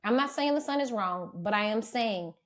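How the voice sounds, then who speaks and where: A woman in her thirties co-hosts a casual podcast chat. Her voice sits slightly high and swoops with a lot of expression. She laughs often and drops casual swears. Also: expressive, normal speed. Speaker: podcast co-host.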